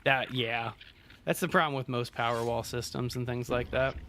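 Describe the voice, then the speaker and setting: A young man streams a game and rambles to his viewers in a loose, casual way, full of fillers and restarts. His pitch sits in the middle for a man, and a faint hiss runs under the recording. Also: fairly even intonation, moderate pace, a bit bright. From Southern California. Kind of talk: casual gameplay chat with live viewers.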